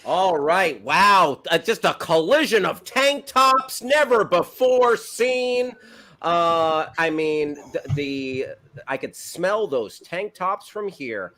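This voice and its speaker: A man's voice: high-pitched, animated, takes it slowly, bright, forceful tone. A man hosting a comedy debate show, laid-back and chuckling between rounds. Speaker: host.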